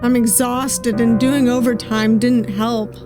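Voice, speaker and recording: Woman, VTuber game streamer, higher voice, unhurried musing read-through over game music. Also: flat delivery. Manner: musing, reads lines slowly with soft asides. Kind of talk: reading game dialogue aloud with commentary. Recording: game music playing behind voice.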